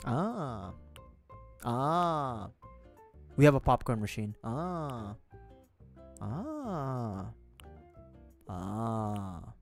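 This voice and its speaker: A man's voice: mid-range voice, sing-song, extremely slow, vocal fry, long pauses, soft background music. A man streaming a life-sim game, rambling casually and jokingly to his chat and laughing often. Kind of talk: casual gaming livestream chat.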